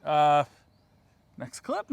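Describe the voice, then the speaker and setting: A man hosting a gaming channel, chatting casually over gameplay footage, tired and yawning but excitable, with lots of fillers. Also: a little high, extremely slow, creaky, clear, resonant tone, no echo.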